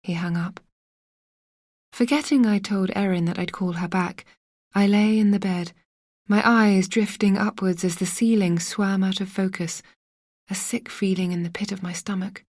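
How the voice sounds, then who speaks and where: A woman's voice: mid-range voice, a little mellow, no echo, clean studio sound. A woman narrating a first-person suspense audiobook, raising her voice into urgent, anxious tones for the dialogue.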